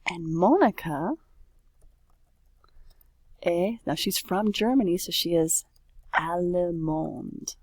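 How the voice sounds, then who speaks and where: A woman's voice: lowish voice, animated, slow pace, long pauses, a little mellow, husky, no room sound, clean studio sound. A woman French teacher talking casually through a worksheet, correcting herself and saying oops as she goes. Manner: chatty, self-correcting, says oops often.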